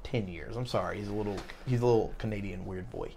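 A man's voice: fairly low pitch, fast talker, gravelly, background noise. A man in casual chat as a co-host, rambling and leaning hard on the filler "like". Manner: rambling, heavy use of filler "like".

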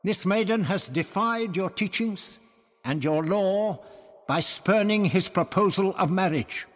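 A man's voice: high voice, unhurried, in a large hall, pitched above the performer's own voice. A man voicing a resolute woman who speaks firmly and commandingly, in an audiobook reading. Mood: defiant. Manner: firm, commanding. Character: fierce resolute woman history teacher.

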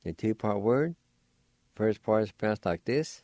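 A man's voice: on the low side, animated, a little slow, a little mellow, no room sound. A man hosting a radio language lesson, carefully spelling and sounding out words syllable by syllable. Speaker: radio host teaching Cherokee words.

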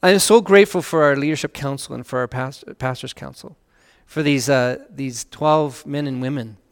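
A man preaching a sermon as pastor, earnest, swelling louder on key phrases and dropping to a hush on scripture. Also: mid-range voice, moderate pace, long reverb tail.

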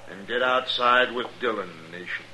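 An actor playing a threatening outlaw with a low drawl in a 1950s radio western. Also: male voice, normal speed, pushed and bright, slight background noise, poor audio. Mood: menacing. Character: menacing outlaw holding hostages.

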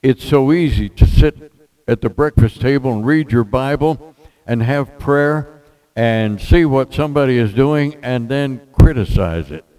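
Older male pastor, unhurried folksy sermon delivery with jokes and scripture. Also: medium pitch, warm tone, smooth, rough recording.

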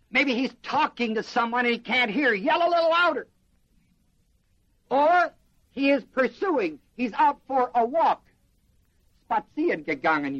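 A man preaching a sermon in an animated way, quizzing the congregation with questions. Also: very high voice. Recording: dull lo-fi sermon recording.

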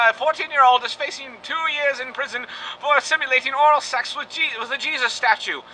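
A very high, sharp male voice hosts a comedy podcast, crude and joking, often in a mock newscaster delivery. Faint noise sits under the recording. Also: fairly quick. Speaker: podcast host. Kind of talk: casual comedic banter.

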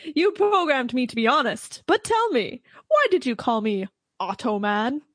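A woman's voice: sits high, sing-song, measured pace, no room sound, studio quality, heavily acted. A woman reading a boastful, conceited male android hero in a comic scene read-through. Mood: smug. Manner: smug, self-satisfied.

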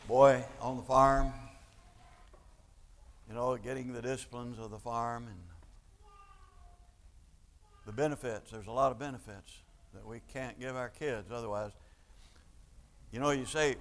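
A man preaching a sermon, stumbling over restarts and then building to loud, emphatic points. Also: mid-range voice. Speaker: pastor. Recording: long church-hall reverb.

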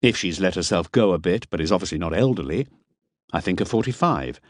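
Brief: wry first-person male narrator, animated delivery, dry studio sound. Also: low-pitched, brisk, no room sound. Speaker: audiobook narrator.

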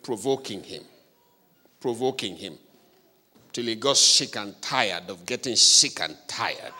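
A male preacher delivering a fervent revival sermon, shouting repeated calls for the congregation to pray aloud. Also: medium pitch. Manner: fervent, repetitive exhortation.

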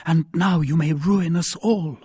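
A man voicing a young woman who speaks with urgent reproach, his pitch raised. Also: measured pace, dark tone, slightly rough, dry recording, studio quality. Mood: reproachful. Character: young woman, a pleading mercer's wife.

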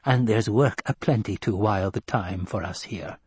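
A man voicing a fierce, devout desert housekeeper woman, speaking slowly in a low muttering way in an audiobook. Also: a little mellow, breathy edge, dry recording. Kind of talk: audiobook character voice.

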